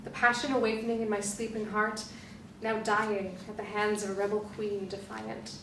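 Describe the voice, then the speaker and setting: A woman performer giving a dramatic literary reading of a novel excerpt, with slow, deliberate phrasing and pauses. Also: mid-range voice, level tone, a bit bright. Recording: echoey room, distant mic, faint hum.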